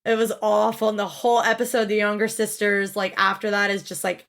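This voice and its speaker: Animated woman podcast co-host. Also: brisk, vocal fry. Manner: animated, expressive, swears freely, acts out quotes with big pitch jumps. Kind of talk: casual chat recapping a TV show.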